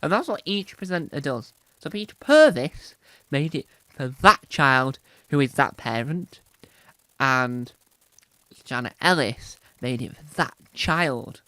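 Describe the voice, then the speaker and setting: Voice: mid-range voice, expressive, slow, no echo. Rambling vlogger, dry sound. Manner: rambling with many restarts and sudden loud emphasis. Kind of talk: rambling casual commentary.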